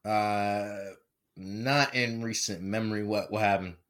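Slow, laid-back man co-hosting. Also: fairly low pitch, steady tone, a bit bright. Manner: laid-back, repeats phrases. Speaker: podcast co-host. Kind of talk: casual chat.

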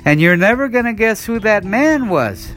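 A man's voice: sits high, very animated, moderate pace, a bit bright. A man from the United States preaching a sermon, telling a personal testimony in an earnest storytelling way with many "and, uh" restarts. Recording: faint guitar music behind.

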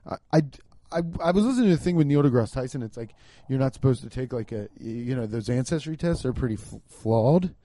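A man's voice: mid-range voice, fast talker. A man from Cincinnati rambling through a casual comedic monologue, swearing and laughing as he goes. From Cincinnati, US Midwest. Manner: rambling, profane, laughs often, animated.

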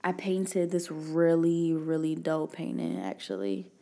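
A woman's voice: sits low, a little slow, creaky. Young woman in slangy podcast banter. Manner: laughing, slangy and animated banter. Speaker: podcast co-host. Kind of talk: casual podcast chat.

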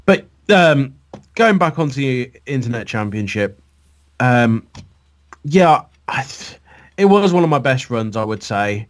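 A man's voice: medium pitch, very animated, unhurried. Swearing young man chatting. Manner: swearing, laughing, reminiscing. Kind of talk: casual chat.

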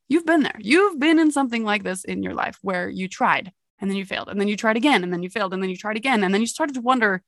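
A woman's voice: mid-range voice, lively intonation, fast, gravelly, few pauses, fairly bright tone, no echo, clean studio sound. A young adult woman hosting a motivational podcast, telling a story with energy and laughing at herself. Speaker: podcast host.

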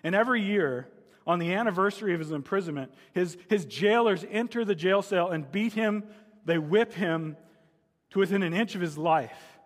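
A man preaching in a church sanctuary with a long, ringing reverb. His voice sits somewhat high for a man. He tells a story and acts out anguished cries from it with rising intensity. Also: normal speed. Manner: storytelling, rising to dramatic cries in quoted pleas. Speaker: pastor. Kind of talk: sermon.

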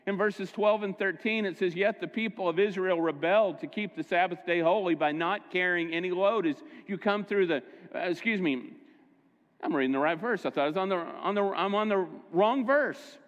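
A man's voice: high voice, moderate pace, long reverb tail, muffled recording. A middle-aged man preaching a sermon as pastor, telling stories in a conversational way and correcting himself as he goes. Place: church sanctuary.

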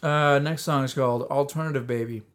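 A young man co-hosting a podcast, chatting in an easygoing, agreeable way and often pausing on fillers. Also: medium pitch, fairly even intonation. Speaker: podcast co-host. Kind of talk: casual chat.

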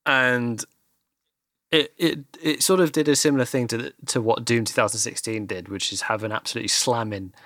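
A man's voice: mid-range voice, steady tone, a little fast, fairly bright tone, no room sound. Man, casual chat, laughing storyteller, dry close sound.

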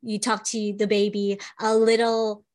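A woman's voice: medium pitch, level tone, a little mellow. Woman explaining child speech tips. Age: adult, a parent. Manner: explanatory, with frequent "um" pauses. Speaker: podcast host, speech-language pathologist. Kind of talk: casual educational podcast chat.

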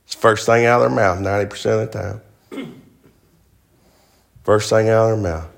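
A man's voice: lowish voice, fairly even intonation, moderate pace, gravelly. A man preaching a sermon, emphatic, firing rhetorical questions at the congregation.

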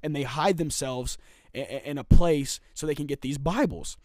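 A man's voice: fairly high pitch, moderate pace, darkish tone, no room sound. Emphatic man telling a story. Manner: emphatic, repetitive storytelling with rising and falling intensity. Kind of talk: casual faith podcast storytelling.

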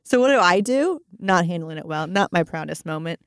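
Woman, casual podcast co-host, lively parenting anecdotes, dry close mic. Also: on the low side, fairly quick, clean tone, no room sound. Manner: animated storytelling, acting out her kids' voices. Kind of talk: casual chat.

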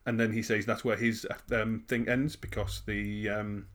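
A man with a slightly low voice, chatting easily as a podcast co-host. He is laid-back and agreeable, and he talks in halting bursts full of "um" and "like". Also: flat delivery, a bit bright. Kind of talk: casual chat.

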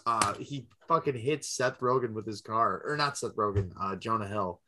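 A man's voice: on the low side, normal speed, background noise. A young man on a podcast, casually and enthusiastically chatting about films, swearing freely. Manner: enthusiastic, swears, quotes lines. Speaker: podcast co-host. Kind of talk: casual movie chat.

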